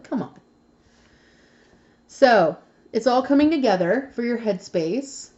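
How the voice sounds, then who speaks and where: A woman's voice: mid-range voice, darkish tone, lo-fi sound. A young woman giving a casual tarot reading, chatty and blunt, swearing freely and laughing often. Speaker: tarot reader.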